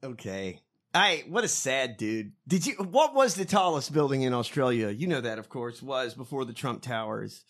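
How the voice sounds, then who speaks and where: A man co-hosting a casual comedy chat, profane and mocking, quick to laugh. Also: mid-range voice, sing-song, fairly bright tone. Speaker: podcast co-host.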